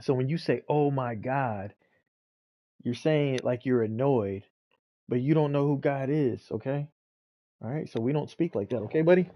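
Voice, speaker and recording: A man speaks at a middle pitch while streaming a video game, talking patiently to his child off to the side. The audio sounds slightly dull and lo-fi. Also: normal speed. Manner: talks gently to his child off-mic. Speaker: gaming streamer. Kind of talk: casual gameplay commentary.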